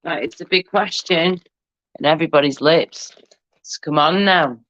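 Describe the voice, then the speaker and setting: A woman's voice: low voice, moderate pace, a bit bright, dry recording, highs cut off. A woman co-hosting a livestream in casual chat, teasing guests and calling everyone darling and love. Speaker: livestream co-host.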